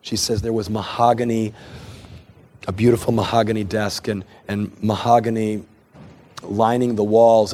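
Deep-voiced man telling a sermon story. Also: a little mellow, slight background noise. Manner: earnest, repeats and restarts words. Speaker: preacher.

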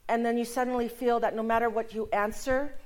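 A woman giving a personal testimony sermon, telling a story and acting out the dialogue, sometimes dropping to a hushed voice for emphasis. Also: on the high side, fairly even intonation, a little fast.

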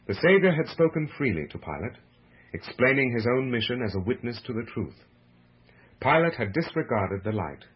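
A man narrating a religious book with a slow, measured, solemn delivery, heard on a muffled lo-fi radio recording. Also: fairly low pitch, breathy edge.

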